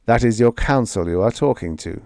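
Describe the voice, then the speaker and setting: A man's voice: fairly low pitch, lively intonation, brisk, gravelly, a little mellow, no echo, studio quality. A man voicing a puzzled male alien in a science fiction story, speaking in a stiff, formal way.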